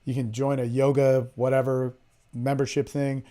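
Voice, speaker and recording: A man hosting a podcast, coaching listeners on dating in a blunt, profane way, swinging between loud emphasis and low murmurs. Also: normal speed. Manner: animated, acts out his own lines in a hushed voice. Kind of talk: casual coaching talk.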